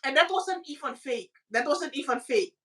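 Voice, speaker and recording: A woman from the Caribbean with a high, bright voice, chatting as a podcast co-host. She tells stories with animation and jumps into squeaky, acted-out voices. She sits a little back from the mic. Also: lively intonation, normal speed, distant mic. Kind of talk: casual chat.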